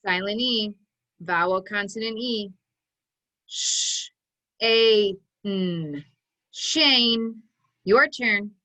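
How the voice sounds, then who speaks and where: A woman teaching an online phonics lesson, calling out sounds and blending words slowly and deliberately for children to repeat. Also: mid-range voice, sharp tone, low-quality recording. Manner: slow, deliberate drill calls, sounding out each part.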